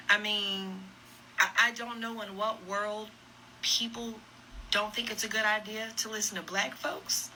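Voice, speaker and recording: Sarcastic woman with a bright voice. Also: medium pitch, slight background noise, poor audio. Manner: sarcastic, laughing, scolding. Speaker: commentator reacting to a viral video. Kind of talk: casual reaction commentary.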